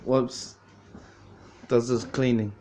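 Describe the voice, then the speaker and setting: A man's voice: medium pitch, flat delivery, slow, warm tone, a little hiss or hum. A man filming on a phone in a home kitchen, asking teasing questions in a casual chat. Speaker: person filming.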